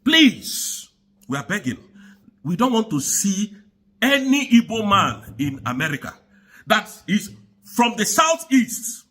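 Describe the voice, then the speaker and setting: A man's voice: high voice, sing-song, unhurried, bright, forceful tone. A man giving angry, pleading political commentary that circles back on its points.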